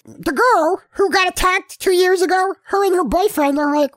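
High-voiced woman goofily retelling a story. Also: normal speed, no echo. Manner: rambling, goofy, acts out characters. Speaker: storyteller recapping a film. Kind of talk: comedic retelling with silly voices.

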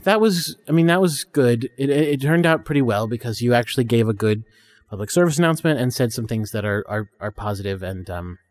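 A man hosting a comedy podcast, speaking in a halting, hesitant way with many restarts. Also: mid-range voice, darkish tone, in a large hall. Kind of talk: casual comic banter.

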